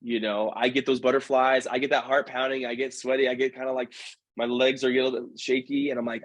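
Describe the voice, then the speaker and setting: A man telling stories as a podcast guest, talking casually and quickly correcting himself. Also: mid-range voice, no echo. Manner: animated, acts out quoted voices, quick self-corrections. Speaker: guest, professional dancer. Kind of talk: casual storytelling in a podcast conversation.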